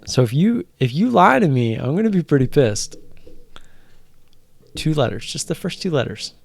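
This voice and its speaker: A man's voice: on the high side, very animated, moderate pace, vocal fry. A young man, drunk, hosting a late-night live stream and teasing his chat viewers in a rambling way.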